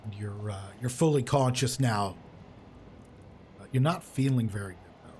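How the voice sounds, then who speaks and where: A man narrating as the game master of a tabletop game, his voice sitting at an ordinary middle pitch. He talks in a loose, rambling way, full of fillers and restarts. A faint hiss of noise runs under his home mic. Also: moderate pace, darkish tone.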